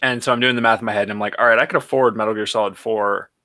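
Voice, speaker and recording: A man's voice: lowish voice, steady tone, racing, sharp tone. A man from Canada co-hosting a casual podcast, chatty and teasing. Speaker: podcast co-host.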